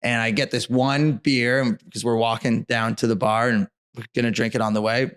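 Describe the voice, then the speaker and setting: A man in the guest seat, spinning a casual story with animated energy. He rambles and sprinkles "like" everywhere. His voice sits at an ordinary middle pitch for a man. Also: moderate pace, clean tone. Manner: animated, rambling, frequent "like" fillers. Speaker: brewery co-founder, guest.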